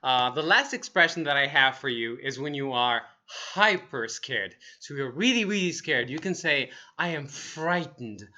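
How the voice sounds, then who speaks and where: Bright, upbeat man teaching English. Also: medium pitch. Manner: energetic, upbeat, models example phrases slowly. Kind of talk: online language lesson.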